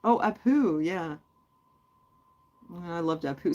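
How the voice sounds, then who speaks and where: A woman's voice: deep voice, moderate pace. Chatty woman rambling to her viewers. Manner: chatty and rambling, many fillers. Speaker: host. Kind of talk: casual livestream chat with viewers.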